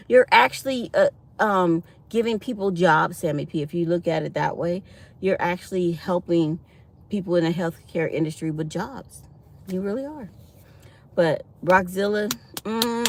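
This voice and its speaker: A middle-aged woman hosting a casual livestream, chatty and laughing, calling her viewers y'all. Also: mid-range voice. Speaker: livestream host.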